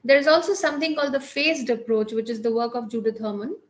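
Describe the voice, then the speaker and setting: A woman with an Indian English accent giving a measured academic lecture on psychotherapy as a clinical psychologist, with frequent pauses and restarts. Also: a little high, steady tone, a little hiss or hum.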